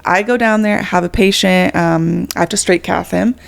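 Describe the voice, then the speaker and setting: A woman who works as an ICU nurse, chatting casually on a podcast, telling stories briskly and chiming in with quick agreement. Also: lowish voice, fairly even intonation, gravelly.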